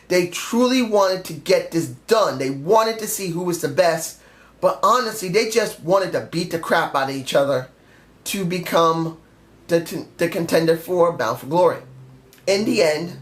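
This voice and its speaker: A man's voice: high voice, a bit bright. A man reviewing a wrestling show in a casual vlog, talking emphatically, ranting at times and swearing freely. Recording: echoey room.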